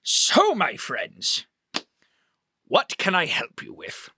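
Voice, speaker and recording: A man putting on a jovial old-world wizard with a big mustache, cheerful and hospitable but quick to get flustered and stammer. The voice is lively and bright, with a close, dry sound. It is a tabletop role-play character voice. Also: high-pitched, husky, no room sound, heavily acted. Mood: genial. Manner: bumbling stammer when flustered.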